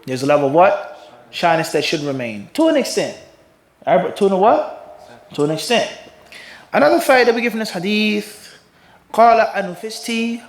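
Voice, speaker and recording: A man with a fairly high voice gives an Islamic lecture, pausing to ask his listeners rhetorical questions. He slips into sarcastic mimicry of the people he criticizes. The room around him rings with echo. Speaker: mufti teaching hadith. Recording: echoey room.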